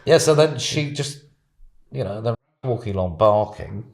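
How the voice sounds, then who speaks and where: A man's voice: fairly low pitch, animated, normal speed. A man telling a casual anecdote as a podcast guest, chatty, laughing often and acting out what others said.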